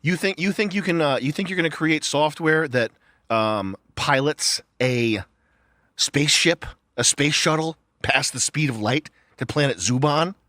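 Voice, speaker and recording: A man's voice: fairly high pitch, expressive, measured pace, bright, forceful tone, dry recording. A man in a casual podcast chat, ranting with profane disbelief into a close mic. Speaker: show co-host.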